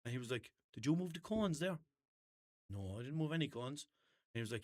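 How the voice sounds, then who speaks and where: With a medium-pitched, animated, brisk delivery, the man from Ireland hosts his podcast indoors, captured with clean studio sound and no room sound. His casual talk drifts through rambling tales, and he plays both parties in his own debates.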